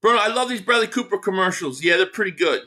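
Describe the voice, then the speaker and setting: A man's voice: high voice, expressive, fast talker, sharp tone. A man hosting a live sports reaction stream, ranting heatedly and with lots of profanity while reading out viewer chats.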